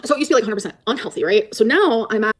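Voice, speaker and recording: A woman's voice: fairly high pitch, expressive, rapid-fire. A young woman vlogger chatting casually and rambling about her day, with her speech full of "like" fillers. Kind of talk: casual chat vlog.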